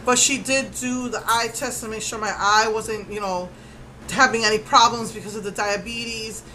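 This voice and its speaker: A woman vlogger casually retelling her day in a rambling, animated way with many fillers. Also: fairly high pitch, moderate pace, slight background noise, poor audio. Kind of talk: casual storytelling vlog.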